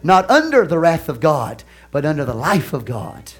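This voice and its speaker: A male pastor with a Texan accent delivers a sermon in a somewhat high voice. He talks to his church like a friend, drops to quiet asides, then builds to loud, driving calls, laughing and joking along the way. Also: very animated, normal speed. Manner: conversational preaching that swings from soft asides to loud exhortation; laughs and jokes with the congregation.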